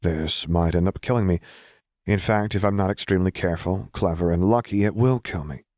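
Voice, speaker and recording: A man voicing a sincere, determined young man who speaks quietly but firmly. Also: low voice, fairly quick, dry recording, studio quality, natural voice. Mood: earnest, firm. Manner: quiet, murmured, earnest.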